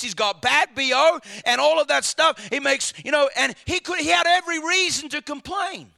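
A man delivering an emphatic sermon in a very high, bright voice with a gravelly edge. He throws rhetorical questions at his listeners and doubles back on words as he presses his point. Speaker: pastor.

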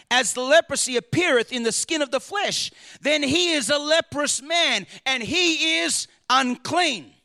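A man preaching a sermon, swinging dramatically between shouted lines and hushed ones. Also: extremely high pitch, creaky.

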